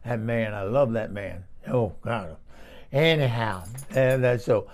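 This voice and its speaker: A man's voice: medium pitch, takes it slowly, natural voice. A man playing a chatty older woman who lives in a trailer, rambling and exclaiming. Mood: gossipy. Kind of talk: comic character monologue.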